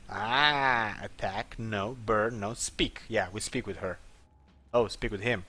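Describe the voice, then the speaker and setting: A man's voice: medium pitch, normal speed, pushed and bright. A man giving casual let's-play commentary, thinking aloud and chuckling as he plays. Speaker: gameplay commentator.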